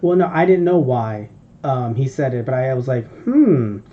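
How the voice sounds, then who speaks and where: A man's voice: medium pitch, lively intonation, normal speed. A man co-hosting a podcast, telling a long, rambling, profane story in casual chat. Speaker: podcast co-host. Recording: dull lo-fi podcast audio.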